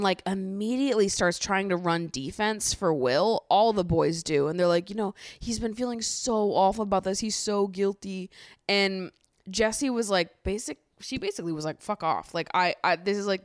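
A young woman hosting a podcast, recapping a reality show in casual chat, sarcastic and animated, swearing freely and mimicking the people she talks about. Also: fairly low pitch, clean tone, no echo, studio quality. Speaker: podcast host.

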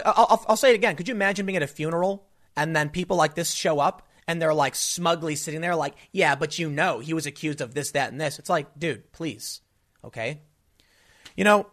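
A man's voice: a little high, a bit bright. A man giving an emphatic, indignant opinion monologue, telling stories with frequent restarts. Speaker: political commentator.

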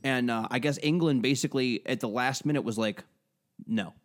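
A man's voice: mid-range voice, quick pace. A man co-hosting a podcast in casual chat, profane and joking, rambling with many restarts. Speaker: podcast co-host.

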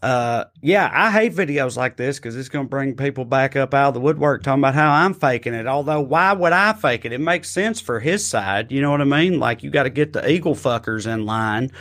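A man's voice: mid-range voice, expressive, brisk, hardly any pauses, a bit bright. Wry man joking around. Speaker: podcast co-host. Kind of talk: casual chat.

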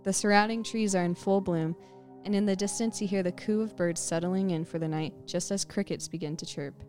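A woman's voice: medium pitch, steady tone, brisk, darkish tone, soft background music. A woman co-hosting a podcast, telling an eerie story in the second person as she sets the scene for the listener. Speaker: podcast co-host. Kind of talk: scripted spooky storytelling.

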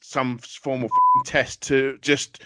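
A man's voice: medium pitch, huge pitch swings, takes it slowly, background noise. A man co-hosting a comedy podcast, ranting in an exasperated, sweary way. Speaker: podcast co-host. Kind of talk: casual comedy podcast banter.

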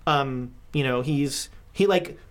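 A woman running a tabletop game as game master, narrating scenes haltingly with many fillers. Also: a bass voice.

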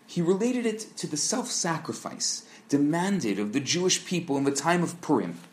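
A man in scripted narration, teaching a Torah lesson in a measured, explanatory way and posing rhetorical questions. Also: fairly high pitch, lively intonation, a little hiss or hum.

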